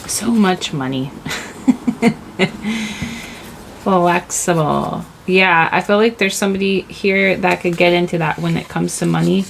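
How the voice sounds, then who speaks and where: A woman talks through a spiritual tarot reading in a relaxed, wandering way. Her voice sits slightly low with a gravelly fry. There is a faint hiss of noise behind her as she searches for words between frequent "likes.". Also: moderate pace, hardly any pauses, rough recording. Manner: rambling, searching for words, full of "like" and "you know". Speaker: tarot reader.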